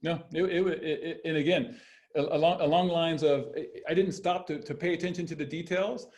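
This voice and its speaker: A man's voice: on the high side, steady tone, a little fast, darkish tone. A man in his fifties, a former basketball player, telling stories on a podcast in a rambling way, with many restarts and laughs. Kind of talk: casual storytelling interview.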